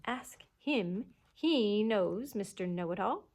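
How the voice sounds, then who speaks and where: A woman's voice: medium pitch, expressive, slow, darkish tone. A woman voicing a prim, haughty nanny who answers in short, curt phrases. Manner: clipped and haughty.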